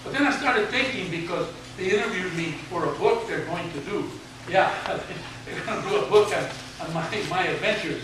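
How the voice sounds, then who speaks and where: His voice is high-pitched and animated, at a normal speed with hardly any pauses: a retired teacher in his seventies telling students a funny, folksy story during a speech, with mild cursing. The distant recording in a large, echoey hall with an audience picks up background noise.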